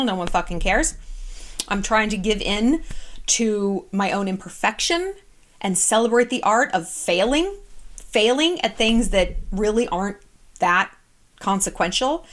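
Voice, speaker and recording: A woman in her thirties talks straight to the camera, giving casual advice in a candid, chatty way. She swears freely. Her voice sits at a middling pitch for a woman. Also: fairly bright tone. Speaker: vlogger.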